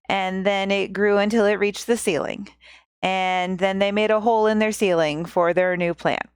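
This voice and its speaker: A woman's voice: medium pitch, clear, resonant tone, dry recording, studio quality. A woman hosting a podcast, casually retelling a fairy tale with playful, giggly asides. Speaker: podcast host and storyteller. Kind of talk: casual storytelling. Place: home. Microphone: podcast microphone.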